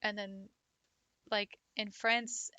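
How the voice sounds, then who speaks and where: A woman's voice: mid-range voice, level tone, very slow, sharp tone, clear, resonant tone, no echo. A woman who teaches French, chatting casually on a livestream, giggling often and swearing offhandedly. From United States.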